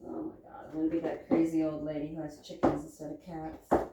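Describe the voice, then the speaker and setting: A woman's voice: low voice, completely flat delivery, a little fast, mellow, heavy reverb, recorded from a distance, slight background noise, poor audio. Chatty woman cooing in a barn. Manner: chatty, cooing baby talk to animals. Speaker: homesteader vlogger. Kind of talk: casual chat while milking.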